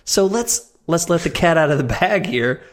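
A man hosting a podcast, goofy and excitable, poking fun at himself while he asks his co-host questions. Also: on the high side, moderate pace. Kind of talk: casual podcast chat.

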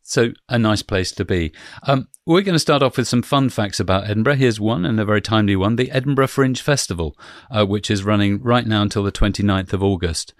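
This podcast host is a man with a lowish voice who keeps things brisk, steering the casual conversation with his questions. The studio sound is clean, with no echo.

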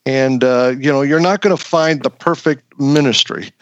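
A man on a Christian podcast talking earnestly about worship, in a halting way full of fillers and restarts. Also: mid-range voice, dry recording, dull audio. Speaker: co-host. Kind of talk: earnest faith talk.

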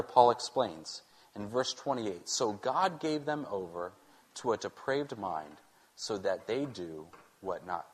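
A man's voice: fairly low pitch, slightly rough. A man, a pastor, preaching a sermon, asking rhetorical questions and often restarting phrases. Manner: rhetorical questions, animated delivery with frequent restarts.

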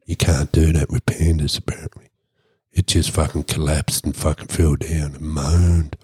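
Very deep, husky Australian man. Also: normal speed, no echo, studio quality. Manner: deadpan, swearing constantly. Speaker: podcast host. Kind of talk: crude comic storytelling.

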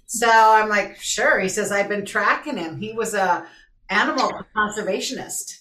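A woman telling a story in casual group chat, calm and matter-of-fact. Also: medium pitch, normal speed, far from the mic, a little hiss or hum. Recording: roomy sound from off-mic.

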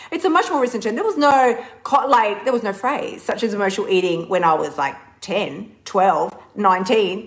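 A woman, a weight-loss coach giving a casual livestream pep talk, animated and laughing often, swearing freely and calling listeners honey. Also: a little high, rough recording.

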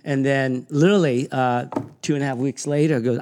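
A middle-aged man hosting a podcast, telling stories in an animated way, swearing freely and laughing along. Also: mid-range voice, brisk. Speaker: podcast host and gym owner. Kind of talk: casual storytelling.

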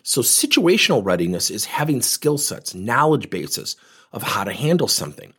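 A man who coaches and trains people in workplace talk, telling stories in an animated way and acting out the dialogue. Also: medium pitch, normal speed, slightly rough.

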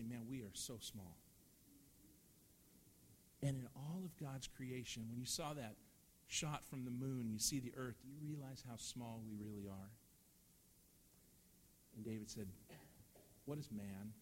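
A middle-aged male pastor preaching a sermon in a church, earnest, swinging from loud emphasis down to hushed, soft lines. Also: mid-range voice, slight background noise.

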